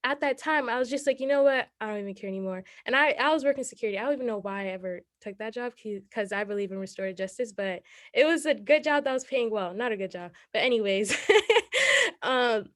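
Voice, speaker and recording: A woman's voice: fairly high pitch, lively intonation, brisk, a bit bright, dry recording, studio quality. Young woman, earnest and rambling. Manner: earnest, rambling, laughs often. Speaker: city council candidate. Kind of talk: interview answers.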